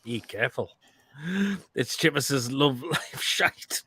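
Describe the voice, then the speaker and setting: A man's voice: medium pitch, takes it slowly, bright, forceful tone, husky, no echo. A man, hosting a casual live stream and giving crude, blunt verdicts on viewers' food photos between laughs.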